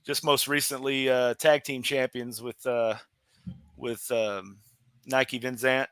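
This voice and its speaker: A man, a professional wrestler guest on a podcast, telling a story in an animated way, laughing often and restarting his sentences. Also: mid-range voice, takes it slowly, clear, resonant tone, no echo. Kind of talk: casual storytelling interview.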